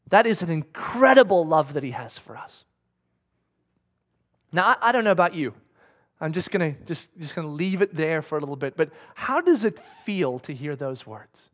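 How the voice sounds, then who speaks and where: A man's voice: fairly high pitch, sing-song, normal speed, fairly bright tone. A man preaching a sermon as pastor, earnest and emphatic, often repeating himself as he builds to fervent moments. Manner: repeats words when caught up in thought.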